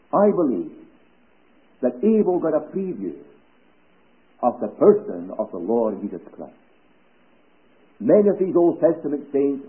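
A man delivers a church sermon in a fairly high voice, measured and deliberate, letting key phrases sink to hushed, low endings. The recording is thin and tinny, like a phone line. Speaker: preacher. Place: church service.

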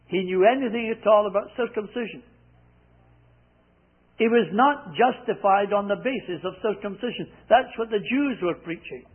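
A man preaching a sermon, repeating scripture lines slowly and with emphasis. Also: high voice, slightly rough. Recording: tinny phone-like sound.

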